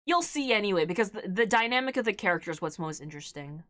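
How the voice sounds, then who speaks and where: A woman's voice: mid-range voice, animated, fast, fairly bright tone, no room sound, studio quality. A young woman streaming a game, chatting casually with viewers, laughing often between filler-heavy remarks. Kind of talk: casual live-stream chat while gaming.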